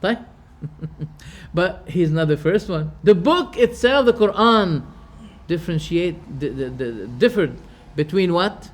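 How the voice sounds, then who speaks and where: A man lecturing a class on religious belief. His voice sits a little high for a man, and he speaks emphatically. He poses rhetorical questions, stumbles into restarts and restates each term. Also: animated, takes it slowly. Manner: explains terms by restating them. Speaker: religious teacher.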